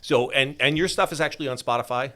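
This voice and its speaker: A man's voice: mid-range voice, fast. A male show host chatting casually with a guest, joking and self-deprecating. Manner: jokey, self-deprecating, animated. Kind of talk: casual interview chat.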